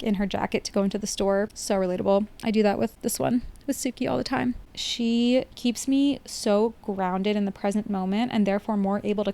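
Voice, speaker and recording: Smooth-voiced woman musing on a film. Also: medium pitch, darkish tone. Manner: reflective, chatty, many "like" fillers. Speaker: film reviewer. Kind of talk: casual spoken film analysis.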